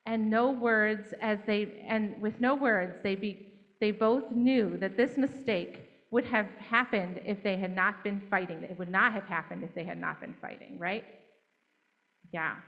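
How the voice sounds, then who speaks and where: A woman telling a children's story at church in a gentle, interactive way, inviting the children to join in. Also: medium pitch, a little slow, muffled recording.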